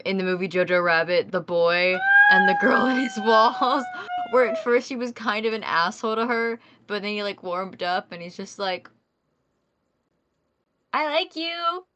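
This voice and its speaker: A woman's voice: lowish voice, fairly bright tone, dull audio. A young woman playing in a tabletop role-playing game, chatting casually and teasing the others. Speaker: player.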